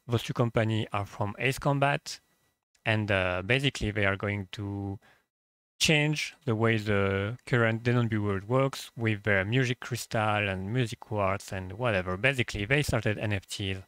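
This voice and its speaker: Low-voiced French-accented young man. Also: moderate pace, a bit bright, dry recording. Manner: hesitant, many "uh" fillers, blunt and profane. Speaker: channel host, translator. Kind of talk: casual commentary video. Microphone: cheap microphone.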